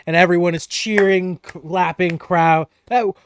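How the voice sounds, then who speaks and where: A game master narrating a tabletop game in a playful, lively way, likely recorded at home over an online voice call. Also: mid-range voice, moderate pace, no room sound.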